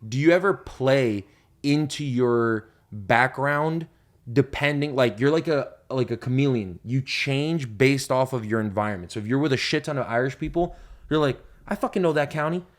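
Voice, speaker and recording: A young man hosting a podcast, telling stories in casual chat with lots of swearing and loud laughs at his own punchlines. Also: mid-range voice, normal speed. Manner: profane, animated storyteller, laughs loudly at punchlines. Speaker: podcast host.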